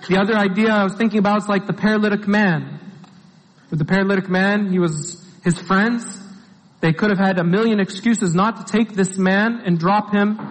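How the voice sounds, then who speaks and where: A man's voice: high-pitched, fairly even intonation, moderate pace. A man giving an informal sermon as a preacher, earnest and full of rhetorical questions to his listeners. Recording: long hall reverb.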